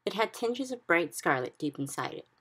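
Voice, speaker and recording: A woman reading a children's book aloud in steady narration. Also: fairly low pitch, moderate pace, husky. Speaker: reader. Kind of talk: storybook read-aloud.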